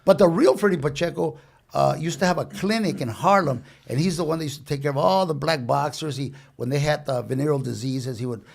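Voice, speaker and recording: Gravelly, husky man telling stories. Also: on the high side, brisk. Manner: rambling anecdotes with frequent restarts and Spanish slang. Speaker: guest storyteller. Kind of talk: casual podcast storytelling.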